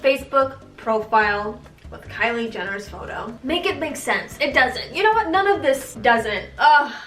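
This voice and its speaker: A young woman from Tanzania, a vlogger telling a candid, sarcastic and animated story with swearing and slang. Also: fairly high pitch, unhurried, distant mic. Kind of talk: casual storytime vlog. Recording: roomy echo, voice a bit off-mic.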